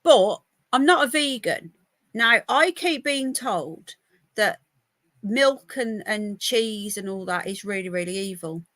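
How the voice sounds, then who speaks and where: A woman's voice: mid-range voice, expressive, takes it slowly, a bit bright, no echo. A woman hosting a live news podcast from home on a laptop mic, chatting in a rambling, easily distracted way. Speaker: podcast host reading news. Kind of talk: casual live news chat. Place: home by a window.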